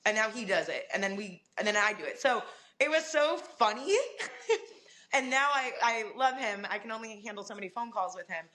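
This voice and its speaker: A young adult woman talks as a podcast guest, recounting her career in an animated, chatty way. Her voice is bright and forceful, and laughter slips in often. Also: a little high, fairly quick. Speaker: guest, sports reporter. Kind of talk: casual podcast conversation.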